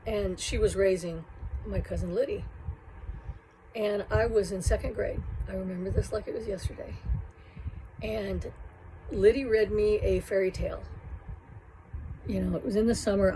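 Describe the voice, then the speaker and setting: A woman telling a personal childhood story in a reflective, halting, emotional way. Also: mid-range voice, mellow, slight background noise, poor audio.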